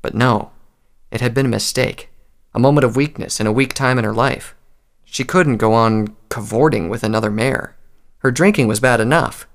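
A man reading a story aloud in a calm, measured narration. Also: medium pitch.

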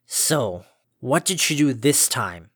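A man's voice: medium pitch, expressive, takes it slowly, fairly bright tone, slightly rough, no echo, studio quality, heavily acted. Man doing a scratchy, droning old pony farmer. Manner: lethargic, curt, formal. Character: stern old male earth pony farmer.

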